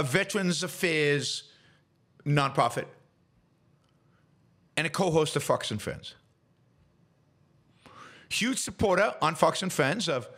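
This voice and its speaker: A man's voice: on the high side, fairly bright tone. A middle-aged man hosting a solo political commentary show, talking scornfully with many restarts and fillers.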